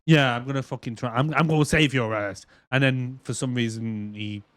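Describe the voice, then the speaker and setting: A man's voice: mid-range voice, steady tone, normal speed, a bit bright, no room sound. A man co-hosting a podcast, chatting casually and animatedly, with swearing and silly acted voices. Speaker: podcast co-host. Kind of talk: casual chat.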